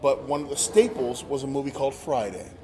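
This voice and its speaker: A man telling a story in casual chat, acting out quotes with animated energy. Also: mid-range voice, a little fast. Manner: animated, acts out quotes loudly. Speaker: podcast guest, former wrestler. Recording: roomy with long reverb and faint noise.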